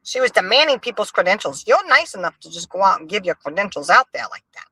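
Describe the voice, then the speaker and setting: Sassy animated woman streamer. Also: medium pitch, fast talker, a little hiss or hum. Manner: animated, sassy, reads chat aloud. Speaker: livestream host. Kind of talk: casual gossip commentary.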